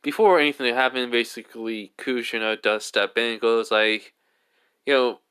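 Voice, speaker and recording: A man's voice: medium pitch, fairly even intonation, normal speed, bright, forceful tone, smooth. A man narrating a fan-made story off the cuff, rambling and restarting, with lots of filler words. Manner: rambling, full of "basically" and restarts.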